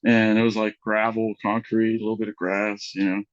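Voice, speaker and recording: A young man on a podcast telling embarrassing stories in a loose, chatty way, acting out the voices of other people with big jumps in pitch and filling his talk with "like" and "you know". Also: a little fast, dry recording, muffled recording. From Mexican heritage. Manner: animated, acts out quotes with big voice jumps, lots of fillers. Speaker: podcast guest. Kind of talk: casual storytelling chat.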